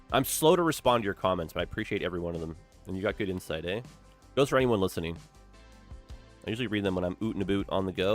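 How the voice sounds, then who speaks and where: A lowish male voice with lively, bouncing intonation, a young man chatting to his live-stream viewers while he builds a city. He talks casually and upbeat, peppering his talk with "like" and "eh?". Faint music plays behind him.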